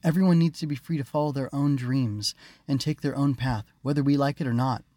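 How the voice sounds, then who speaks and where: A man voicing a proud, bossy young girl ruler in a high, bright put-on child voice, for an audiobook. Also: a little fast, dry recording, lightly acted. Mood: earnest. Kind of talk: audiobook character reading.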